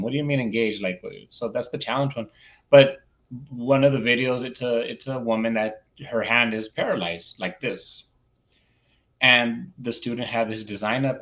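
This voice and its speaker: A man who teaches, chatting on a podcast and telling a classroom story, acting out his students' lines with lively shifts and frequent restarts. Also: medium pitch, muffled recording. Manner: animated, acts out classroom dialogue. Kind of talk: casual chat, storytelling.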